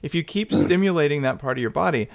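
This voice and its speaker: A man hosting a podcast interview, chatty and quick to laugh, often restarting his sentences. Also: on the high side, animated, creaky. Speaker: podcast host.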